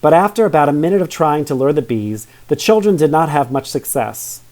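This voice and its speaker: A man's voice: a little high, expressive, brisk, a little mellow. A man reading a children's story aloud, adding chatty asides and questions to young listeners. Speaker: storybook reader.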